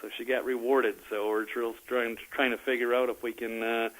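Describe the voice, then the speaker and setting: Guy guesting on a talk show, kinda bright voice, lots of uhs, agrees a lot. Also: medium pitch, flat delivery, poor audio. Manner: agreeable, halting with fillers. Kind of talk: casual political talk.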